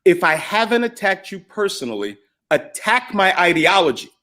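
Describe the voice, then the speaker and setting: Middle-aged male guest, casual story chat, fairly high voice, acts out the quotes. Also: normal speed. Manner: animated, retells arguments in quoted voices. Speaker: podcast guest.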